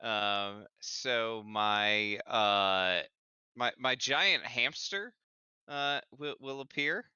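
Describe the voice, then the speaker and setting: A man talking as a player in a tabletop game, his voice very bright and smooth. He speaks slowly and hesitantly, stumbling and restarting with plenty of "um". The sound is dry and a little dull, like an online voice chat. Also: medium pitch, no room sound. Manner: hesitant, stumbling over words with many "uh" and "um". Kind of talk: casual tabletop game talk.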